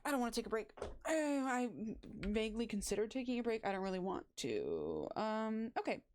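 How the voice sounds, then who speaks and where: A young woman streaming a game, chatting casually in a gushing, excitable, rambling way, from a home setup. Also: a little high, brisk, slight background noise. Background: faint background music.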